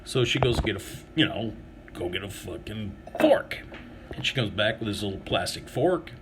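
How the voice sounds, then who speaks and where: A man's voice: fairly low pitch, animated, moderate pace, background noise. A man telling a profane, sarcastic story to camera, swearing constantly and acting out other people's lines in a raised voice. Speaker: vlogger. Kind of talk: profane comic storytelling rant.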